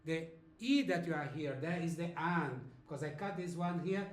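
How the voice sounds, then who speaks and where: A man with a Brazilian accent teaching a language lesson, drawing words out slowly and having learners repeat after him. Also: on the high side. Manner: slow, drawn-out repetition of words for learners. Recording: echoey room.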